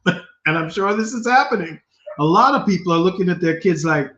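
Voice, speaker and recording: Speaking at a moderate pace in a high-pitched voice, this male co-host tells lively stories during a casual podcast chat, laughing frequently. His recording carries room echo and a dull, lo-fi quality.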